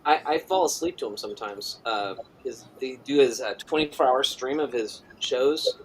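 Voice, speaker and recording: Easygoing male stream host, mid-pitched, chatty and laughing, light noise behind. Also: moderate pace. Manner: relaxed, laughs often, reads chat aloud. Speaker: host of a live drawing stream. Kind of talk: casual chat while drawing.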